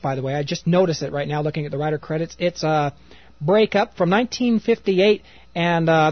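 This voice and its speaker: A man's voice: fairly high pitch, no room sound, highs cut off. A man co-hosting a radio show in casual chat, rambling and trailing off with fillers. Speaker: radio co-host.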